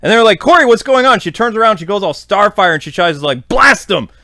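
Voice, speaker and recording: A man's voice: high voice, expressive, quick pace, sharp tone, dry recording, clean studio sound. A man hosting a podcast, giving a casual, rambling episode recap full of fillers. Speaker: podcast host.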